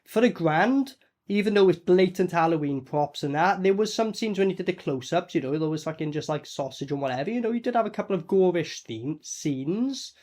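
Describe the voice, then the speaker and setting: A man reviewing a low-budget horror film in a blunt, sweary, mocking way. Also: animated, a little fast, darkish tone. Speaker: movie reviewer. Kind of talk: casual reaction commentary.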